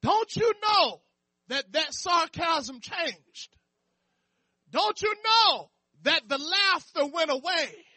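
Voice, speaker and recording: A man preaching a sermon in church, fervent and impassioned, tossing "amen" and questions to the congregation and rising to shouts. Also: very high-pitched, animated, slow, no room sound. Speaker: pastor.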